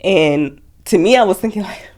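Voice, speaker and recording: A young woman telling her story as a guest in an interview, speaking softly with many fillers and quoted dialogue. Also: mid-range voice, animated, a little slow. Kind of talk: emotional personal interview.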